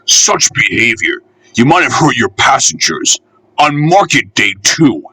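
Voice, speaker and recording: A man's voice: medium pitch, animated, measured pace, bright, forceful tone, husky, no echo, exaggerated voice. A man playing a stern old steam engine. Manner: firm, no-nonsense.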